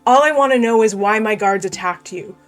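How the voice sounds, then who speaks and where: A woman's voice: medium pitch, fairly quick, lightly acted. A woman voicing an exasperated, blunt male town sheriff in a tabletop role-play game. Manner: blunt, exasperated, talks straight.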